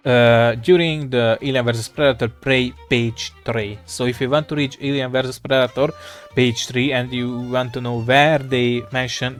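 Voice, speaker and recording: A man in casual rambling commentary, thinking aloud with an irreverent, swearing manner. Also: mid-range voice.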